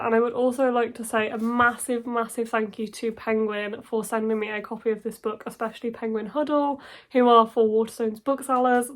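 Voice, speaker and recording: A woman in her twenties with a stuffy, congested voice from a cold, chatting casually and excitedly about books she wants to read. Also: on the high side. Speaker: book YouTuber. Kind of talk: casual book chat to camera.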